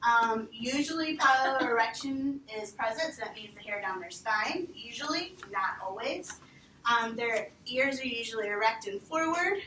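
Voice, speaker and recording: In an echoey room, an animated woman who works as a veterinary behavior instructor trains volunteers, voicing dogs' thoughts as quotes. She speaks unhurriedly at a fairly high pitch, recorded from far off with faint ambience and slight background noise.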